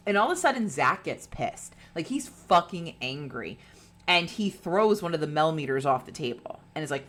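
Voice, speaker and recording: A woman with a low voice co-hosts a podcast in easy, casual chat. She retells a ghost-hunting show with plenty of swearing and acts out what the people in it said. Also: expressive, normal speed, fairly bright tone. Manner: chatty, swearing, acting out quotes. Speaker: podcast co-host.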